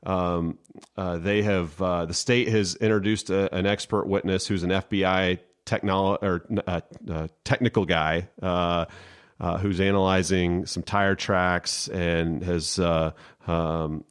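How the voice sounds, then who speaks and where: A man with a deep, resonant voice talks casually as a podcast co-host. He speaks haltingly, with many fillers and restarts. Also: level tone, clean tone. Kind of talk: casual chat.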